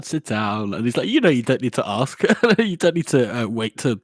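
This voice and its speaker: Animated laughing male podcast host. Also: fairly quick, dry recording, studio quality. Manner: animated, laughs often, acts out lines in high voices. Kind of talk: casual book discussion.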